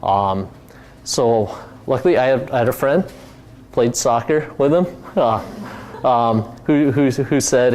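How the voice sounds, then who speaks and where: A man's voice: mid-range voice, measured pace, darkish tone. A middle-aged man from Hawaii, a company founder telling his story in a casual talk, rambling with many fillers and restarts.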